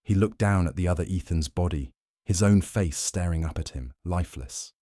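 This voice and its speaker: A man giving tense, measured scripted narration of a detective thriller. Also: low voice, dark tone, dry recording, studio quality.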